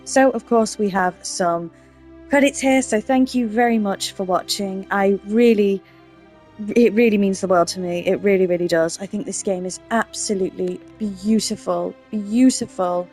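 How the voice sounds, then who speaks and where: A woman's voice: medium pitch, moderate pace, darkish tone. A woman hosting a let's play, chatting and thinking aloud with eager enthusiasm. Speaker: gaming channel host. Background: game music.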